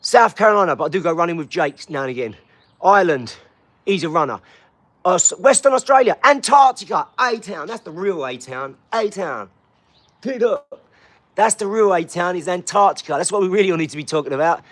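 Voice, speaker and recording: A man with an English accent runs a live stream, calling out viewers' hometowns one after another with bouncy energy. His voice sits high for a man. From England. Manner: energetic, shouting out places in quick bursts. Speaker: livestream host. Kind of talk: live-stream chat, reading out viewers' comments.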